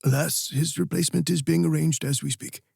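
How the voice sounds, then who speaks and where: A man putting on a stout, patient royal advisor from a fantasy audiobook, courteous and unhurried. The voice is dark and gravelly, close and dry. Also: a little high, steady tone, dry recording, pitched above the performer's own voice, full character voice. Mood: regretful. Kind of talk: audiobook character voice.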